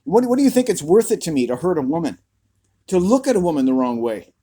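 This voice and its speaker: A man with a squeaky voice ranting to camera outdoors in a furious, profane, confrontational way. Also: sing-song, quick pace, warm tone. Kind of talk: angry rant to camera.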